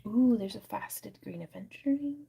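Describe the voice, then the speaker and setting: A woman chats her way through a home crafting stream, musing aloud and leaning on little fillers as she goes. Her voice sits at an ordinary middle pitch, with a faint hiss of noise under it. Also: animated, moderate pace, gravelly, warm tone. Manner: chatty, thinking aloud, with frequent fillers. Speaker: crafting livestream host. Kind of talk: casual chat while crafting.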